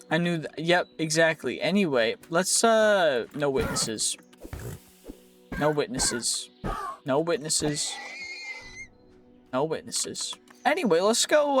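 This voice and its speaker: A man giving playful, rambling let's play commentary over his gameplay, joking at his own slips. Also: fairly high pitch. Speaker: gaming YouTuber.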